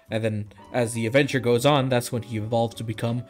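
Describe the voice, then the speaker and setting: A man's voice: medium pitch, little pitch movement, fast, few pauses, soft background music. A man on a podcast casually recapping a movie, rambling and acting out the characters' lines. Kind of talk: casual movie review chat.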